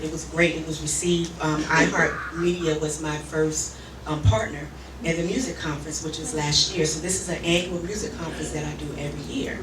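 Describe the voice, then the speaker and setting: A woman from Virginia who organizes a music conference, telling her story earnestly with lots of ums. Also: sits low. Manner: earnest, filler-heavy storytelling. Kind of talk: casual interview chat. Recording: echoey room, far from the mic, noisy.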